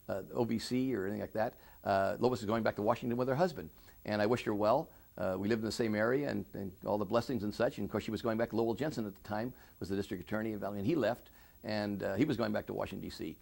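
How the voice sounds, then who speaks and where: A middle-aged man giving an oral history interview, speaking earnestly with many halting restarts. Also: lowish voice, vocal fry. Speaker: interviewee, victim services director.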